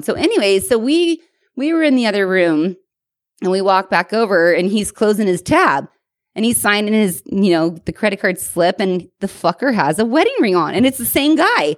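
A woman's voice: medium pitch, a little fast, no room sound, clean studio sound. A woman in her thirties co-hosting a podcast, telling a bar story in casual chat, with plenty of "like" and some swearing. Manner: animated storytelling, lots of "like" and swearing. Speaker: podcast co-host.

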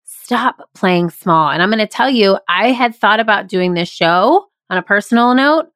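An energetic woman hosting a solo podcast, speaking in an emphatic, motivational way at a middle pitch. Her voice is recorded close on a podcast microphone in a small closet, with a dry sound and no room echo. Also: moderate pace, clean tone. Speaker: podcast host and improv workshop leader. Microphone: studio podcast microphone.

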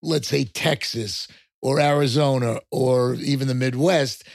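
An older man with a New York accent, chatting casually on a podcast as the host's father, rambling with halting restarts. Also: medium pitch, steady tone, creaky, no echo, clean studio sound. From Long Island, New York.

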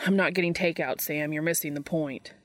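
A gruff young man in a fan audiobook, defensive and nervous, as a woman puts him on. His voice sits somewhat low and dry, with a close recording. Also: fairly even intonation, fairly quick, no room sound, natural voice.

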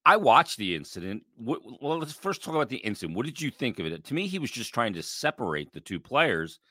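A man's voice: medium pitch, sing-song, fairly quick, bright, forceful tone, no echo, clean studio sound. A man co-hosting a casual sports podcast, blunt and jokey, swearing casually. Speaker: podcast co-host. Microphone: podcast microphone with headphones.

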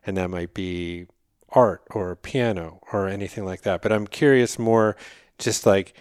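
A man's voice: lowish voice, a little slow, a little mellow, smooth, no echo, studio quality. A man hosting an interview, summing up his guest's points and then asking long, thoughtful questions. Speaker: podcast host.

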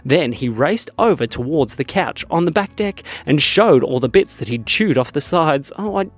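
A man narrating a children's story, animated and expressive. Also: a little high, moderate pace. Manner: animated, expressive read-aloud.

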